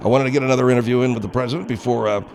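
A man's voice: medium pitch, steady tone, racing, creaky, a crowd in the background. A man hosting a comedic talk radio show, who sounds exasperated and insistent as he banters. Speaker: radio host and entertainer.

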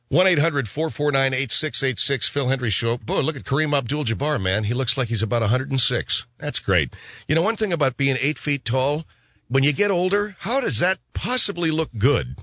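A man hosting a talk radio show, rambling and sarcastic in a gruff, offhand way, on a studio microphone. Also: mid-range voice, expressive, moderate pace, fairly bright tone, no echo.

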